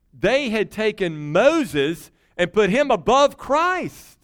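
A man's voice: sits high, very animated, takes it slowly. A middle-aged man, preaching a sermon as pastor in an earnest, conversational way that builds to emphatic peaks.

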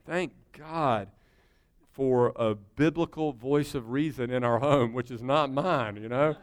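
Man, middle-aged, pastor preaching a sermon, earnest and conversational, smooth resonant voice. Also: medium pitch, slow. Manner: earnest, conversational preaching with rising emphatic peaks.

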